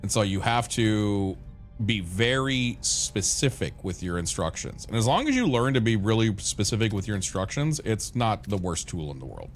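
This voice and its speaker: A man's voice: on the low side, big pitch swings, moderate pace, faint music behind. A man streaming a game, chatting casually to his viewers, rambling and swearing freely. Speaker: gaming streamer. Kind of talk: casual gameplay chat.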